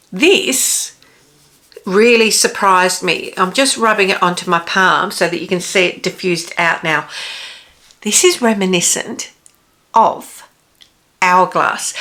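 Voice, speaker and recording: A woman in her forties talks slowly through a casual makeup review, her voice bright and a little low. She is chatty and gives practical tips as if speaking straight to a friend. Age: 40s. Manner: chatty, practical tips given directly to viewers. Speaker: beauty vlogger.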